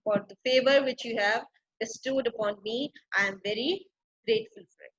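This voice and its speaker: A woman's voice: a little high, normal speed, husky, muffled recording. A woman voicing a humble, apologetic male spirit servant who speaks to his master. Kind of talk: reading verse drama aloud.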